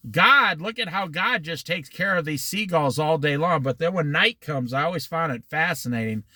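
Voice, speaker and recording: A man with a fairly high, bright voice leads a casual Bible study, his pitch rising and falling a lot. He talks in a folksy, rambling way and drifts into side stories. The sound is dry, with little room around it. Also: expressive, normal speed, dry recording. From Iowa. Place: outdoors by the ocean near a dock at dusk.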